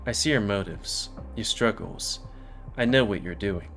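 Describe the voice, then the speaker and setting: A man reading the lines of a cold, accusatory female wolf mystic in a visual novel, in a calm, even voice. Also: lowish voice, measured pace, soft background music.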